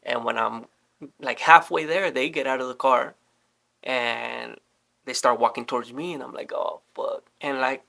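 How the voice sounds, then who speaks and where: A young man casually telling a story, animated and swearing often as he acts out what people said. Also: medium pitch, normal speed, gravelly. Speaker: storyteller guest.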